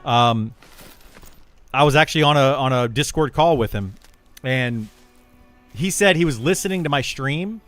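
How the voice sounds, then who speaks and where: A man's voice: medium pitch, unhurried, pauses often, a bit bright, no echo. A man streaming live, chatting casually and rambling, often repeating words and restarting sentences as he explains himself to his chat. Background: faint music.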